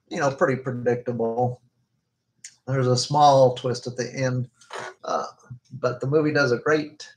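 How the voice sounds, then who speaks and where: A man reviewing films on a casual podcast. He talks hesitantly and pauses often on "uh" while he gathers his thoughts. His voice sits in an ordinary middle pitch for a man. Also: rough recording. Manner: hesitant, lots of filler "uh"s. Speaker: podcast co-host, movie reviewer. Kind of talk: casual movie review chat.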